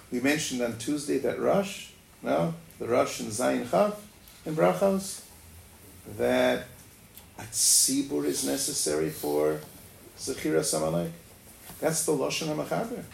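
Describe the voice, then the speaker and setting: A man's voice: mid-range voice, vocal fry, a little mellow. A man giving a Torah lecture, thinking aloud with many fillers and rhetorical questions. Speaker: Talmud teacher. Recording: echoey room, faint noise.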